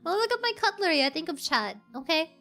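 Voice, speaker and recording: A woman's voice: very high-pitched, big pitch swings, fast, pushed and bright. A young woman chatting casually with her livestream viewers, rambling with lots of fillers and giggles. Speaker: VTuber streamer. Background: faint background music.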